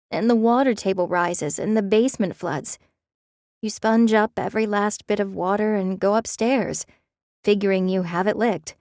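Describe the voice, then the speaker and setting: A woman voicing an anxious young bride who speaks in a soft, wobbly, pleading voice. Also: a little high, no echo, studio quality, voice pushed up.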